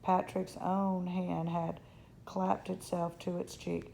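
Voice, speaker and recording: A woman reads a children's chapter book aloud in a steady storytelling manner. Her voice is low, mellow and heavily gravelly, and she sometimes trips over a word. Faint noise sits behind her. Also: takes it slowly, low-quality recording. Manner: steady storytelling, slips on words. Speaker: reader. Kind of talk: reading a children's novel aloud.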